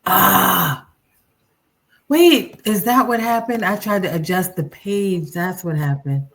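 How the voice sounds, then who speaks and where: A woman's voice: on the low side, unhurried, vocal fry, a bit bright. A tired woman co-hosting a casual podcast, chatty and a bit scattered while she sorts out her computer. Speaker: podcast co-host.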